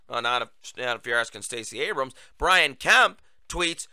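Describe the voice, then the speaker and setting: A man's voice: high voice, creaky, no echo. A man hosting a political talk show, delivering a sarcastic opinion monologue to his listeners. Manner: sarcastic, animated, addresses listeners as folks.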